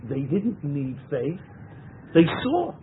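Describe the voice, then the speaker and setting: A man's voice: fairly high pitch, huge pitch swings, slow pace, a little hiss or hum. A man teaching a Torah class, translating verses phrase by phrase and stressing key words. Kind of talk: text-study lecture. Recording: tinny phone-like lecture recording.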